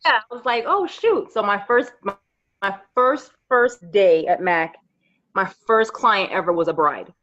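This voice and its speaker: A woman in her thirties from New York, a podcast guest telling her career story in lively casual chat. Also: medium pitch, measured pace. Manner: animated storyteller, acts out quoted voices. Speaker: podcast guest, makeup artist. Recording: slightly dull lo-fi audio.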